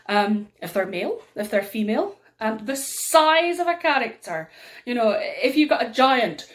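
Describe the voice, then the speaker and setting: Scottish woman from Aberdeen, storytelling teacher, lively delivery that swings pitch and loudness, plenty of ums. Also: measured pace. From Aberdeen, Scotland. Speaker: storytelling workshop leader. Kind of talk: instructional workshop talk.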